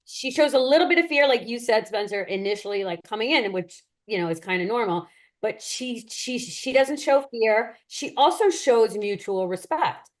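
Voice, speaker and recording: A woman's voice: on the high side, animated, normal speed. A woman, a forensic psychologist guest on a podcast, talking in an emphatic, analytical way. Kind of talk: casual chat.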